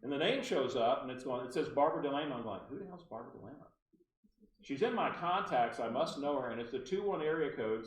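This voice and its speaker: A man speaks at a mid-range pitch, telling stories to a room of agents. He is animated and keeps turning to the room with asides. He sounds distant from the mic in a roomy, echoing space. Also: a little hiss or hum. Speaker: real estate trainer. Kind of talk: storytelling training talk to agents. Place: meeting room at a real estate office.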